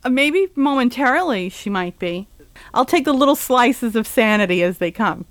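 High-voiced sarcastic woman hosting a talk show. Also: animated, no room sound. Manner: sarcastic, joking, quick asides. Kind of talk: casual comedic chat.

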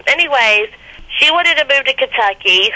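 A woman's voice: sits high, animated, moderate pace, sharp tone, no room sound. A woman in her thirties from Florida, calling in to a radio show and chatting casually, laughing often as she tells a story over a phone line. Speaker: caller.

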